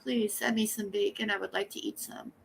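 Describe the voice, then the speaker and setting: A woman hosting a casual livestream, chatting in a rambling, blunt and animated way and greeting viewers by name. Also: mid-range voice, brisk, vocal fry, slight background noise. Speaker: livestream host.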